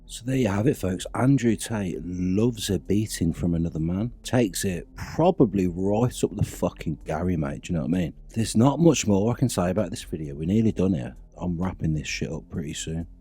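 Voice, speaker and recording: Husky British man, mocking. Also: low-pitched, animated, moderate pace, hardly any pauses, warm tone, faint music behind. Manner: mocking, sweary. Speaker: commentator. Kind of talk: profane reaction commentary.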